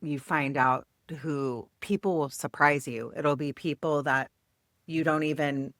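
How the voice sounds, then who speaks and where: A woman's voice: deep voice, fairly even intonation, a little slow, fairly bright tone, dry recording, studio quality. A woman hosting a casual podcast chat, asking probing questions and thinking aloud as she goes. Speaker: podcast host. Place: podcast studio.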